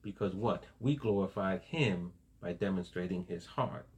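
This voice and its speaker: With a low voice at a normal speed, a pastor gives a sermon that feels like a conversation. He keeps asking "right?" and laughs along with the people listening.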